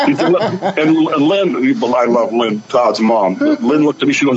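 Older man, folksy storyteller, mid pitch, lo-fi radio sound, faint noise. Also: sing-song, moderate pace, few pauses. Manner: folksy anecdotal storytelling, acting out quoted voices. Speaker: guest, author and rancher. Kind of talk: storytelling on a radio talk show.

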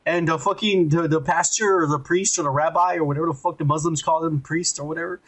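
A podcast co-host retells a show in a rambling, profane way. His voice sits high for a man and has a husky grain. He slips into mocking voices for the characters he quotes. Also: steady tone, quick pace, a bit bright. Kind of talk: casual profane recap.

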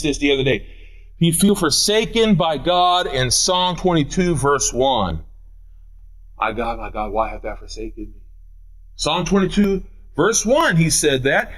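A man's voice: a little high, a bit bright. A man preaching an Easter sermon as pastor, running through scripture references with rising emphasis. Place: church sanctuary.

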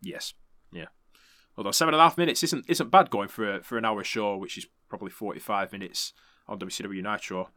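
A man's voice: lowish voice, brisk, sharp tone, no room sound. A man hosting a podcast, recapping events in a chatty, laughing way and swearing freely. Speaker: podcast host. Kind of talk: casual recap commentary.

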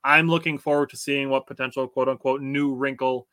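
A man's voice: medium pitch, fairly even intonation, a little fast, pushed and bright, no room sound, studio quality. A man with an American accent co-hosting a sports podcast, chatting casually, reading out listener comments and laughing often. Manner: laughs often, reads chat comments aloud. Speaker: podcast co-host.

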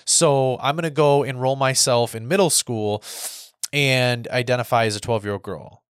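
A man in his thirties talks through a casual podcast monologue, circling back and repeating his points with many restarts. His voice sits at a middle pitch. The sound is dry, with no room echo. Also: normal speed, clean tone. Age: 30s. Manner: rambling, repeats himself, frequent restarts. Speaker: podcast host.

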